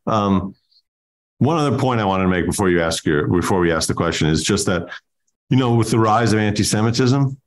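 Male comedian, fairly low voice, fast riffing bits. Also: lively intonation. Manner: quick joking riffs. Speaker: comedian guest. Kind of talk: casual comedic chat.

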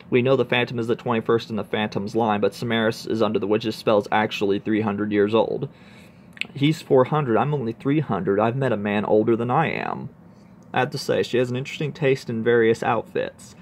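A man's voice: lowish voice, a little hiss or hum. Man casually reading a comic aloud. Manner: reads dialogue aloud with loose asides. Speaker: comic book reviewer. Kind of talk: casual read-through of a comic.

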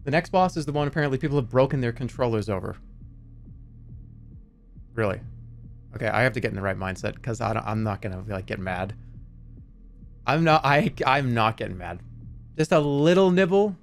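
A man streaming a video game live, narrating his play in an animated, self-mocking way with quick exclamations. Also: medium pitch, creaky, soft background music. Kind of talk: live gameplay commentary.

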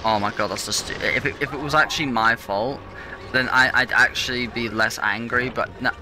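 Over music, a young man commentates his own gameplay as a let's play gamer, cursing and ranting in frustration at the controls. His voice is medium in pitch with fairly even intonation and a moderate pace.

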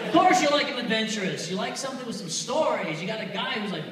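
An American man from Texas hosting a live dating-advice show, telling stories in an animated, playful and profane way. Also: sits high, fast, few pauses, background noise. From Texas, USA. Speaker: host giving dating advice. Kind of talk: live comedic storytelling. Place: live venue in a large hall. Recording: echoey hall, mic far off.

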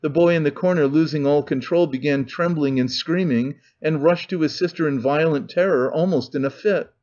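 A man reading an audiobook in measured, deliberate narration. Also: a little high, darkish tone. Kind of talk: scripted narration. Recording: dull lo-fi recording.

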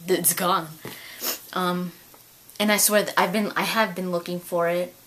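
Excitable twenty-something woman vlogging. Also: on the low side, normal speed, rough recording. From California. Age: 20s. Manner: excitable storytelling, gushing, laughs often, repeats words. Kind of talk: casual chat to camera.

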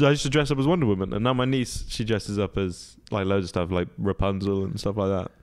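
A young man, co-hosting a podcast, telling childhood stories in a lively, laughing way. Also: lowish voice, fast talker, clean tone. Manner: animated storytelling with frequent laughter. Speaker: podcast co-host. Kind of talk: casual chat.

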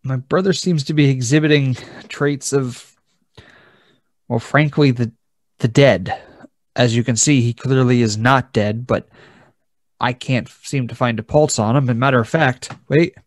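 A man's voice: mid-range voice, measured pace, no echo, studio quality. A man playing a tabletop game, speaking in character with a hesitant manner and frequent restarts. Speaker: player. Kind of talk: in-character tabletop role-play.

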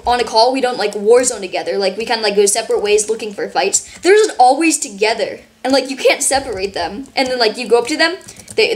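A woman chats her way through a game session, rambling and excitable, her voice sitting fairly high. Her voice sounds a little worn from yelling, and a faint hiss sits under the recording. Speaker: gaming channel host. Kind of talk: casual gameplay commentary.

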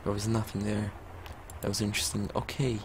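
A man's voice: fairly low pitch, level tone, brisk, creaky, slight background noise. A young man joking his way through a story game in a casual let's-play commentary. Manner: joking, reads game text aloud. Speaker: gamer.

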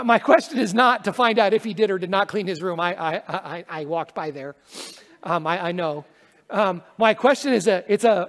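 A man with a high voice leads a prayer and preaches a sermon in an earnest, conversational manner, with touches of self-deprecating humor. His voice rings with the long reverb of a church hall. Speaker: pastor. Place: church sanctuary.

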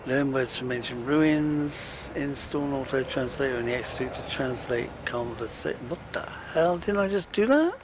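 A man's voice: mid-range voice, lively intonation, moderate pace, hardly any pauses, background noise. A British man giving casual, chatty commentary while playing a space exploration game, chuckling and muttering to himself as he goes. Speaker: let's play gamer.

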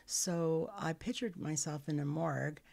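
A middle-aged woman, a podcast guest, telling her life story candidly, earnest and halting with frequent restarts. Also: low-pitched, steady tone, gravelly, darkish tone.

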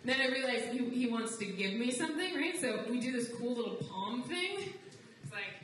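A young woman performs stand-up comedy in a live venue, her voice slightly high and wry in tone. She is heard from across a very echoey room. There is a layer of noise under her voice throughout the recording. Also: animated, normal speed, a bit bright. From outside the United States. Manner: wry, conversational, swings into high mocking voices for quotes. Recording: roomy live recording from a distance, noisy.

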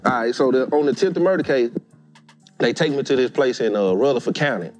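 Man in his thirties; lively podcast storyteller who does voices for everyone; faint music bed. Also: mid-range voice, brisk. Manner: animated, acts out quoted voices. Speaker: guest storyteller. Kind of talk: casual storytelling.

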